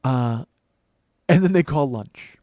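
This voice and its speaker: A man's voice: mid-range voice, lively intonation, takes it slowly, crowd noise. A man hosting his own podcast, telling a long comic story in a rambling, profane, self-mocking way. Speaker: comedian podcast host. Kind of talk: solo storytelling monologue.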